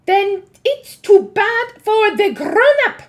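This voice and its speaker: A woman voicing the Grand High Witch, a domineering female witch leader who barks orders and shouts in a storybook reading. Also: expressive, takes it slowly, heavily acted. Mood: dismissive.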